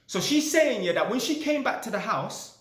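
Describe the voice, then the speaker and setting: A man's voice: high voice, sing-song, normal speed, fairly bright tone, echoey room. A man telling a story casually, swearing often and ending lines with "yeah?". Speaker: vlogger.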